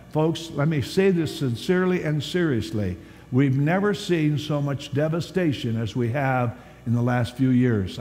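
Animated preacher man in a reverberant hall. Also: medium pitch. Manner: animated storytelling preacher, swings from loud to hushed. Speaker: pastor. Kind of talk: sermon. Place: large church hall at a conference. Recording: long hall reverb, faint background hiss.

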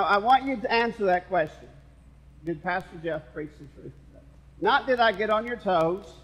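A man's voice: high-pitched, a bit bright, big-room sound, rough recording. A male pastor preaching a sermon, with playful asides to the congregation. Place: church sanctuary.

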